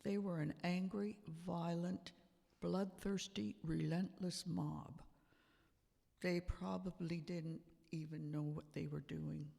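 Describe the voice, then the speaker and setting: A man's voice: on the high side, flat delivery, creaky, dark tone, heavily acted. A man playing Pontius Pilate, a defensive Roman governor justifying himself on the witness stand in a church play. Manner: slow, deliberate, emphatic storytelling. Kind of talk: amateur church drama. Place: church sanctuary. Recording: long church hall reverb.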